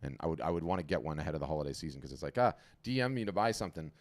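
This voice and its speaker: A man hosting a casual live video-call webinar, talking in an animated, chatty way and often repeating and restarting his words. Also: rumbling low, rapid-fire, no room sound. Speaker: webinar host auditing artist profiles. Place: home.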